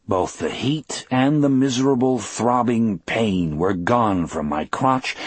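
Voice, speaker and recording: A man narrating a first-person audiobook in a measured, expressive storytelling voice. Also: lowish voice, slightly rough, no echo.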